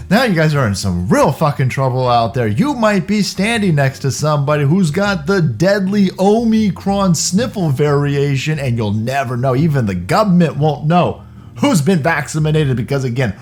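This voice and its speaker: Sarcastic guy ranting and cussing, kinda high voice, faint music under it. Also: animated, moderate pace. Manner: sarcastic, profane, mocking. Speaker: commentary host. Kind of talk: ranting commentary.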